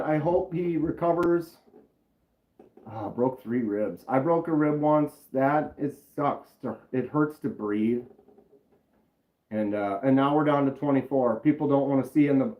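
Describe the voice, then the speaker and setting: A man casually chatting on a live stream, rambling and greeting viewers from the chat by name. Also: a little high. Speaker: knife channel live streamer. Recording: roomy, slightly dull sound.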